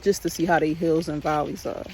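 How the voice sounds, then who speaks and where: A man's voice: a little high, brisk, gravelly, slight background noise, rough recording. A man casually vlogging outdoors while hiking a park trail, rambling and repeating himself, a little out of breath on the hills. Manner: relaxed, rambling, repeats "like" often. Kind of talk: casual walking vlog.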